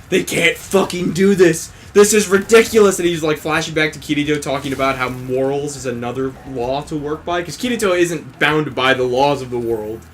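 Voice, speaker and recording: Excitable, profane young-sounding man retelling a show. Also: on the high side, a little hiss or hum. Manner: profane, animated retelling, acting out quoted characters. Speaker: let's play co-host. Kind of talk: casual gaming commentary chat.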